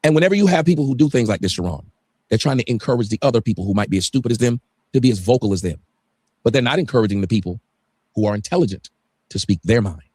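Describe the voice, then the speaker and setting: A man's voice: mid-range voice, animated, very fast, darkish tone, husky, no room sound. A man on a livestream talking heatedly, ranting emphatically and swearing often. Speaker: guest on a livestream.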